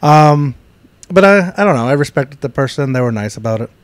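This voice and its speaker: Guy hosting a podcast, lively swingy voice, laughs a lot, lots of ums and restarts. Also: a little high, a little fast, smooth, no room sound. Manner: laughs often, many fillers and restarts. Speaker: podcast host. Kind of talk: casual chat.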